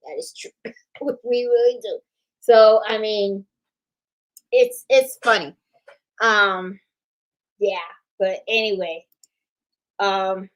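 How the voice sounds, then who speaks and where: A woman's voice: medium pitch, low-quality recording. A middle-aged woman hosting a crafts channel, chatting casually and animatedly, laughing often. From Puerto Rican family background. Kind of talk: casual live-stream chat.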